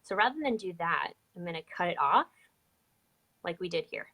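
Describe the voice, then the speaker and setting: A woman's voice: on the low side, animated, normal speed, sharp tone. A woman teaching a live online drawing lesson, chatty and upbeat as she explains each step. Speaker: drawing instructor.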